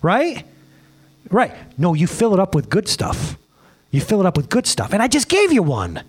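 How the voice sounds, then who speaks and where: Excitable pastor with a high, lively voice. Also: male voice, moderate pace, husky. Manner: excitable, rambling, laughs at himself. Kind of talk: casual sermon.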